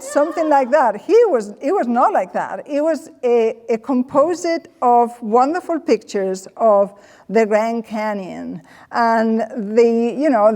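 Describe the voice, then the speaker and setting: A woman giving a comedic personal storytelling talk, animated and acting out the voices of the people she quotes. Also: on the high side, big-room sound. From Spain. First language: Spanish. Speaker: presenter.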